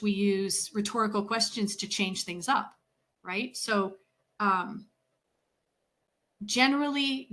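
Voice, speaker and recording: Woman, communication coach at the lectern: measured, instructive, firm emphasis, middle pitch. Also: fairly bright tone. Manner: measured and deliberate, with clear emphasis and pauses; instructive, lists points one by one. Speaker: communication skills coach and presenter. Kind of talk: professional talk to a meeting.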